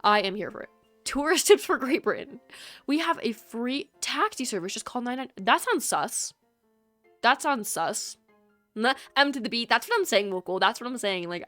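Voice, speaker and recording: A woman's voice: a little high, animated, moderate pace, fairly bright tone, dry recording, soft background music. A woman streaming a video game, chatting casually with her viewers, teasing and laughing often.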